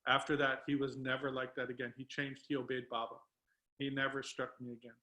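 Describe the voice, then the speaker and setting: Bright-voiced man telling a story. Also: medium pitch, flat delivery, a little fast, low-quality recording. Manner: emotional, tearful at times. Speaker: guest speaker. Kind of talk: storytelling talk on a video call.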